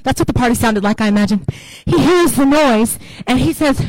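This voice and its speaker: A woman's voice: sits high, very animated, normal speed, no room sound, low-quality recording. A woman pastor preaching a sermon in a casual, humorous storytelling way.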